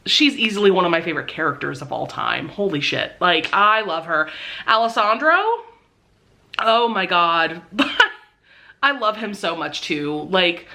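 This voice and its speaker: A young woman vlogging casually about a book she loves, gushing and excitable, swearing freely. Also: medium pitch. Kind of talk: casual reading vlog.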